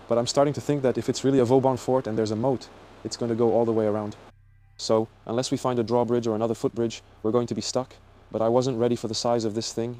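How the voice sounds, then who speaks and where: A man narrating an exploration vlog as he guides viewers around, talking in an excitable, exclamatory way. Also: mid-range voice. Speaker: urban explorer vlogger.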